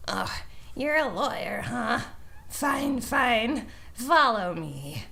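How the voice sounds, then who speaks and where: A woman voicing a gruff, impatient guard in a game, curt and dismissive. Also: a little high, very animated, very slow, bright, forceful tone, a little hiss or hum, full character voice.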